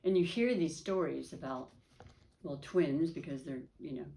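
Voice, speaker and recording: A woman's voice: deep voice, moderate pace, vocal fry, mellow. A woman giving a casual, rambling tarot reading, emotional and often correcting herself. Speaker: tarot reader.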